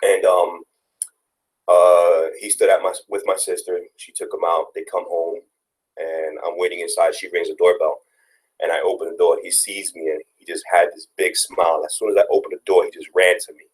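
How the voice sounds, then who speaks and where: A young man with a deep, low voice speaks in a casual interview. He is earnest and tells long personal stories, often restarting a phrase as he goes. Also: level tone, normal speed, low-quality recording. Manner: earnest, storytelling, many restarts. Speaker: guest, father.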